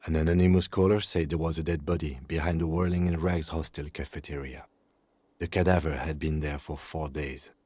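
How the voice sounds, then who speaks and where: Calm, low police lieutenant. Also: male voice, no echo. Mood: composed. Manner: measured, matter-of-fact. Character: calm reserved middle-aged police lieutenant.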